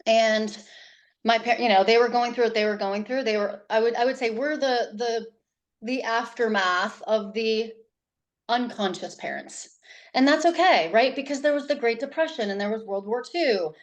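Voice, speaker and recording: A woman from New Hampshire, a parenting coach, talking in an interview in an animated, rambling way with many restarts. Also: fairly high pitch, moderate pace. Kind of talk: casual interview talk.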